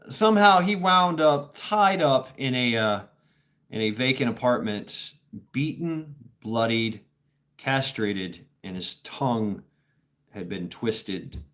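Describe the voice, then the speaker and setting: Rambling, foul-mouthed man telling stories. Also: mid-range voice. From Tennessee, USA. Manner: rambling, blunt and profane, many fillers. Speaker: livestream host. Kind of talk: casual livestream storytelling.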